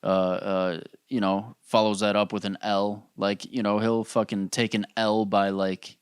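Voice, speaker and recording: A man's voice: on the low side, little pitch movement, measured pace, smooth, no echo. Man, podcast host, casual profane rant, rambling, dry close-miked sound. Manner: profane, rambling, lots of filler words like dude and bro.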